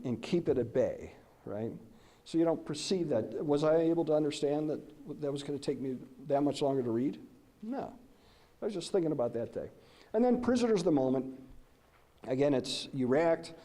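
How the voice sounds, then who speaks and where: A middle-aged man giving a presentation, telling animated stories and posing questions to the audience. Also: mid-range voice, fairly quick. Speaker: lecturer. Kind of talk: conference presentation.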